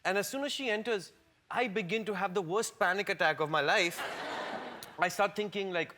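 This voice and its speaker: A man, an actor guest in an interview, telling a self-deprecating story in an animated, stammering way. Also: high voice, a little fast. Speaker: actor on a long-running TV series, interview guest. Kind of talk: casual anecdotal storytelling. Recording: clear background noise.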